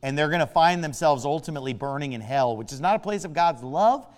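A man pastor preaching a sermon with emphatic delivery, drawing out key words and swinging sharply between loud and soft. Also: a little high, animated, fast talker, big-room sound.

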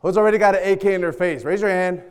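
A man preaching a sermon, animated and jokey, quizzing the congregation. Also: high-pitched, rapid-fire, clear, resonant tone. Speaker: pastor. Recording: echoey church hall.

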